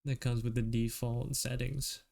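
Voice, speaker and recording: A man streaming while he draws, chatting casually with viewers in a relaxed way and chuckling often. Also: medium pitch, a little slow, creaky.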